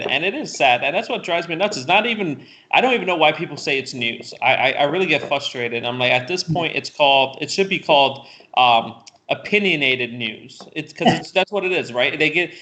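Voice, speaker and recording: A man co-hosting a casual political talk show, animated and ranting, who repeats words and restarts often. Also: fairly high pitch. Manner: laughs often, swears casually. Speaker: co-host.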